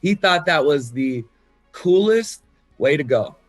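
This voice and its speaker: A man's voice: fairly high pitch, lively intonation, takes it slowly, no room sound, faint music behind. A man talking about writing his album, loose and candid, swearing freely and full of fillers. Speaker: musician discussing his album. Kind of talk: casual talk about songwriting.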